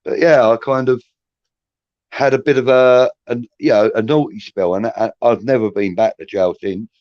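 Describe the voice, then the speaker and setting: A man's voice: medium pitch, normal speed, no room sound. A man, casually telling cheeky anecdotes on a podcast and often saying "you know what I mean". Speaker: podcast co-host. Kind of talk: casual storytelling chat. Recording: dull lo-fi sound.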